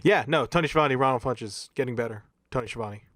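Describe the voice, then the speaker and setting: A mid-pitched man co-hosts a podcast in loose, rambling casual chat with chuckling asides. The sound is dry and close, with no room echo. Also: quick pace, fairly bright tone. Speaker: podcast co-host.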